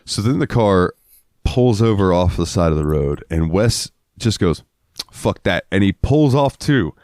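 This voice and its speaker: A man's voice: low voice, lively intonation, a little slow, a little mellow, dry recording, studio quality. A man from Florida co-hosting a podcast, telling rambling, profane stories in casual chat. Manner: profane, rambling, acts out quotes in raised voices. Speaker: podcast co-host.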